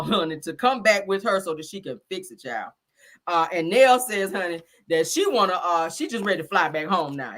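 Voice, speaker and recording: A woman's voice: mid-range voice, a bit bright. A woman giving a sassy, chatty casual recap of a reality show, calling her listeners honey and child.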